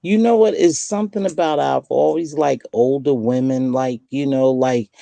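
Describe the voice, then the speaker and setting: Gravelly low-voiced older woman telling stories. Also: normal speed, no room sound. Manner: lively storyteller who acts out quoted voices. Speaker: host. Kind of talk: casual late-night chat.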